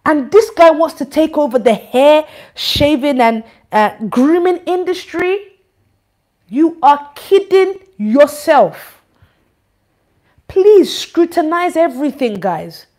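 A woman giving an informal church address, animated, teasing and scolding. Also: high-pitched, slow. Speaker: church leader.

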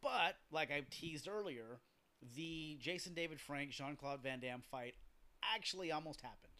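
A man with a slightly higher voice hosts a solo podcast in a loose, rambling way. He swears freely and drifts into asides, now and then acting out quoted lines in a gruff voice. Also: normal speed, pushed and bright. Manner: profane, rambling storytelling with asides. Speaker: podcast host. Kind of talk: casual solo podcast chat.

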